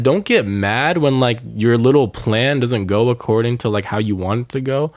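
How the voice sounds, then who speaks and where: A man's voice: mid-range voice, lively intonation, moderate pace, dry recording, clean studio sound. A young man, a podcast co-host, ranting in casual chat with lots of swearing and filler words. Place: Los Angeles area.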